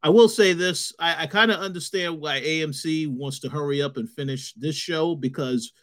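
Man podcast co-host, measured and hesitant, a bit higher voice. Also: a bit bright. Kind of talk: casual podcast chat.

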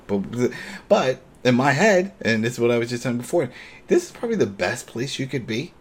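A man co-hosting a casual recap chat, retelling scenes with lively acted-out lines. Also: fairly low pitch, fairly quick. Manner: animated retelling, acts out characters' lines. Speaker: podcast co-host.

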